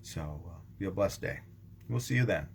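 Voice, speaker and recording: A man's voice: deep voice, expressive, moderate pace, slight background noise. A man, a pastor, giving a casual daily devotional talk, rambling with frequent ums and restarts. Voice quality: gravelly, husky.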